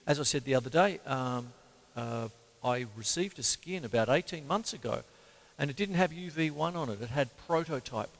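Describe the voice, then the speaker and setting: A man, a drummer demonstrating his drumheads in a plain, halting way with many fillers. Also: mid-range voice, expressive, vocal fry. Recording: reverberant room.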